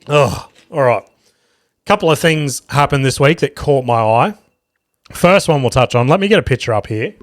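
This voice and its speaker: A man's voice: medium pitch, no room sound. Guy rambling on his podcast, cursing a lot, dead dry mic, no room at all. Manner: swears freely, rambling storyteller. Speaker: podcast host and stand-up comedian. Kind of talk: casual solo podcast chat.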